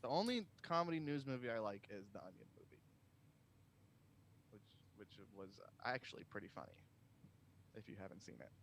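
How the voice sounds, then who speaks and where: A man's voice: mid-range voice, expressive, a little fast, long pauses, fairly bright tone, a little hiss or hum. A man co-hosting a comedy podcast, joking and laughing through casual chat. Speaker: podcast co-host.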